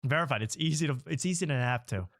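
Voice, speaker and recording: Male host, casual joking chat, laughs a lot, mid pitch. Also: animated, quick pace, a bit bright. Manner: joking, mocking, laughs often.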